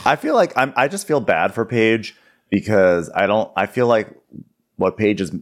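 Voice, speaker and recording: A man's voice: lowish voice, lively intonation, normal speed. A man co-hosting a podcast, gossiping about a reality show in rambling casual chat full of "like"s. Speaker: podcast co-host.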